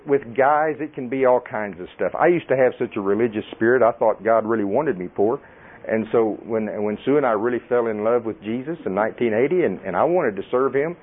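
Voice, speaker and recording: Folksy preacher on tinny audio. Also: male voice, mid-range voice. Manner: folksy and animated, laughing often. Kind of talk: sermon.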